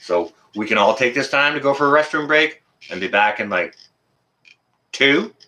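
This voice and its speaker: Male stream host, heated and indignant, bright forceful voice, swears then apologizes. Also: mid-range voice, lively intonation, normal speed. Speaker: livestream host. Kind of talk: heated livestream rant.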